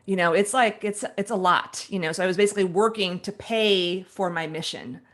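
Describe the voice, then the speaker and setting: A woman in her forties, a guest author telling a personal story in an interview, animated and laughing as she acts out her own past thoughts. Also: fairly low pitch, a little fast.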